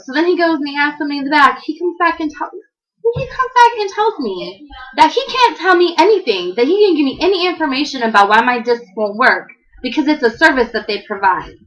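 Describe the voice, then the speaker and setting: A woman's voice: high voice, very animated, a little fast, a bit bright, low-quality recording. A woman, telling a long exasperated story in a rambling, casual way. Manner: exasperated, rambling, acts out quoted people. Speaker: vlogger.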